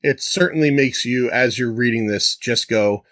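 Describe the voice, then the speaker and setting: A man's voice: mid-range voice, normal speed, a bit bright, no room sound, studio quality. Man reflecting thoughtfully in podcast chat. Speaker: podcast co-host. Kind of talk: casual chat.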